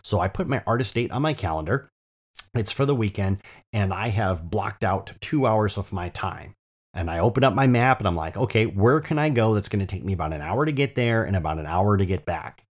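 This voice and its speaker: A man's voice: fairly low pitch, darkish tone, breathy edge. A man hosting a podcast, telling a personal story in a chatty, enthusiastic way and often checking in with "right?". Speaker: podcast host. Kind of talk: casual storytelling monologue.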